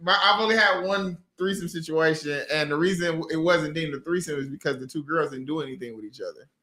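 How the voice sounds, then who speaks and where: Guy with a high bright voice, kinda hesitant, roomy echo. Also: fairly quick, a little hiss or hum. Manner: hesitant, laughing. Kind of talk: casual chat. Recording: echoey room.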